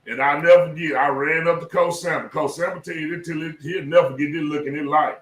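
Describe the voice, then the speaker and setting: Brief: middle-aged man, ex-football coach, emphatic and profane storyteller, slightly raised pitch, echoey room, voice a bit far from the mic. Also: steady tone, fast talker, a bit bright. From South Dallas, Texas. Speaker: former high school football coach. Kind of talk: casual podcast storytelling.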